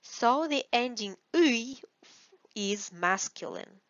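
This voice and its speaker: A woman with a Russian accent, whose first language is Russian, teaching a beginner language lesson with slow, patient explanations. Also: fairly high pitch, animated, a bit bright, dry recording, dull audio.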